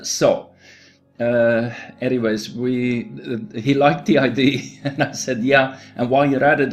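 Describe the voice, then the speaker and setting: A man promoting a program, talking casually to his group in a halting way full of restarts. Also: medium pitch, darkish tone. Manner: halting, many fillers and restarts. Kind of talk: casual recorded talk to a group.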